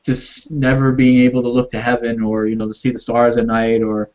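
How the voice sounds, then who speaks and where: A man with a New York accent chats on a video call, his voice dulled by lo-fi audio. He is mid-pitched and hesitant, often repeating words and trailing off. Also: monotone, fairly quick, darkish tone. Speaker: co-host. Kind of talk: casual video-call discussion.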